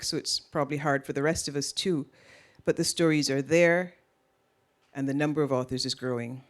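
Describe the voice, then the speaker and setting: A woman from Jamaica with a Caribbean accent softened by years in Canada, giving a prepared lecture at a public event in a measured, deliberate way. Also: sits low. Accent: Caribbean, tempered by years in Canada. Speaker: author giving a keynote talk.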